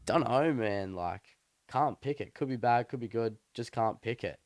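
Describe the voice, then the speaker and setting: A man voicing a calm old farmer who takes every event with an unhurried, laid-back shrug. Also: medium pitch, no room sound, lightly acted. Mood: unbothered. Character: calm old male farmer, unbothered sage.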